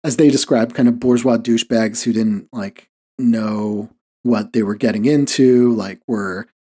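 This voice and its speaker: A man hosts a podcast in relaxed, rambling conversation, leaning on "like" fillers and breaking into short chuckles. His voice is mellow and warm, sitting at an ordinary middle pitch for a man. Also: unhurried. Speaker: podcast host. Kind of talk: casual podcast chat.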